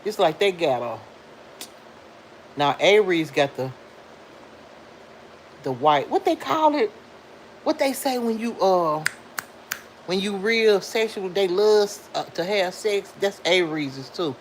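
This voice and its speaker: A woman's voice: mid-range voice, animated, slow pace, long pauses, slight background noise, low-quality recording. A middle-aged woman, hosting a casual live stream and talking back to commenters, laughing often.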